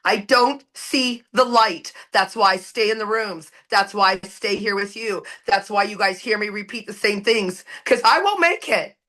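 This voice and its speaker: A woman's voice: medium pitch, fairly even intonation, normal speed, few pauses, bright, forceful tone. A woman speaking at a recovery meeting, giving an impassioned, preachy share with blunt, profane emphasis. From Canada. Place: recorded at an online meeting.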